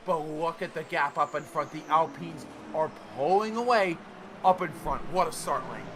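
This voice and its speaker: A man giving excitable play-by-play commentary on a sim racing league, with quick bursts of excitement. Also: a little high, background noise. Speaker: race commentator.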